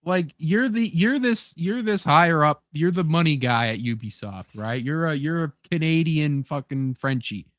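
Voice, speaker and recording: A man's voice: on the high side, animated, moderate pace, few pauses, a bit bright, dry recording, clean studio sound. A man hosting a casual podcast chat, rambling and swearing, laughing often. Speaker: podcast host.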